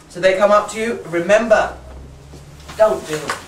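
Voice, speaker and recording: A woman's voice: mid-range voice, expressive, slow pace, far from the mic. A woman talks a room of fellow teachers through a classroom routine, laughing easily and slipping into her pupils' voices. She sounds set back from the mic in a roomy space, with a faint hum of room noise behind her. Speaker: teacher trainer. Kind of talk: workshop talk to fellow teachers.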